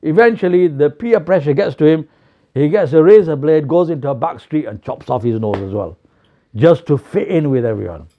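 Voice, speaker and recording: A young man gives a storytelling sermon in a mosque, lively and animated, acting out the quotes. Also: a little high, normal speed. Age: young adult. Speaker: preacher. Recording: slightly dull lo-fi recording.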